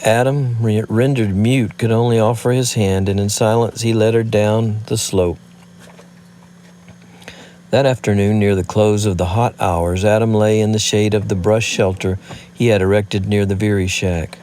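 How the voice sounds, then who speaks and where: Low-voiced male audiobook narrator. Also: level tone, moderate pace, darkish tone, a little hiss or hum. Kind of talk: scripted narration.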